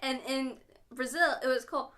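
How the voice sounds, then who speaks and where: Bright, high-voiced woman chatting. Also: fairly even intonation, normal speed. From Vietnam. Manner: giggly, trips over words. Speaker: podcast co-host. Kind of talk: casual chat.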